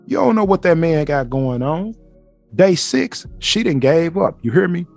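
A man's voice: fairly high pitch, animated, moderate pace, creaky, soft background music. A man hosting a solo podcast, talking bluntly and emphatically with plenty of swearing. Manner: blunt, emphatic, profane ranting. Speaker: podcast host.

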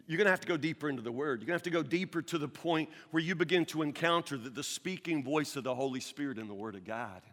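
A man's voice: fairly high pitch, fast, few pauses. Earnest stammering male pastor in a hall. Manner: earnest, stammering restarts, swings from loud to hushed. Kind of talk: sermon.

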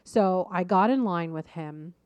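Animated woman coach telling a story. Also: on the low side, measured pace, clear, resonant tone, dry recording, muffled recording. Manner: animated, laughs at her own story. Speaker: weight-loss coach and podcast host. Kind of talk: casual storytelling monologue.

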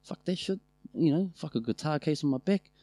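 A man's voice: a little high, expressive, fairly quick, dark tone, no echo, pitched above the performer's own voice. A man voicing a grumpy older uncle who rants and swears. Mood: ranting. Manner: swearing, ranting. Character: grumpy older uncle telling a tall tale.

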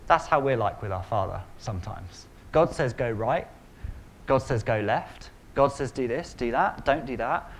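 A man preaching a sermon in an animated, conversational way, acting out quotes. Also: on the high side. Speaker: pastor.

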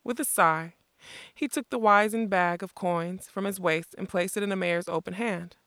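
A narrator reading a fantasy story aloud in a steady, measured way. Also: medium pitch, dry recording, clean studio sound. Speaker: audiobook narrator.

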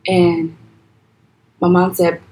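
A young woman with a Liberian accent tells her own story as a podcast guest. Her voice sits low and her telling is soft and hesitant, full of pauses and restarts. When she quotes others, she lifts her voice high and loud. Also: completely flat delivery, low-quality recording. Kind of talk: personal storytelling in a podcast interview.

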